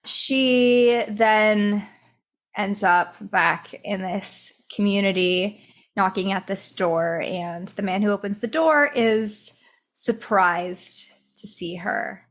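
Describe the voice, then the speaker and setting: A young woman with a Midwest accent, co-hosting a podcast in relaxed, casual chat. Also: mid-range voice, takes it slowly. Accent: American Midwest. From American Midwest. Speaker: podcast co-host.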